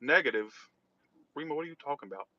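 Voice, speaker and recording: A man's voice: on the high side, lively intonation, fast talker, dry recording, muffled recording. A man chatting casually on a livestream while driving, rambling and reacting to chat. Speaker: tarot reader livestreaming. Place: in a car driving.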